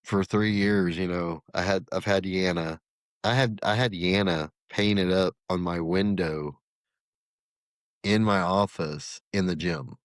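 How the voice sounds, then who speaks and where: A middle-aged former corrections officer, appearing as a podcast guest, tells a story conversationally and acts out the dialogue with animation. His deep voice takes its time, recorded in clean studio sound with no room echo.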